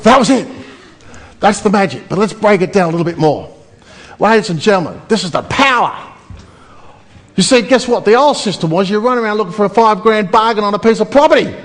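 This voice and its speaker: A man delivers a seminar pitch with lots of energy. His voice sits high for a man, and he keeps throwing questions at the crowd. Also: a little fast. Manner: animated, addresses the crowd with rhetorical questions. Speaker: seminar speaker. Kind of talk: property seminar pitch to a live audience.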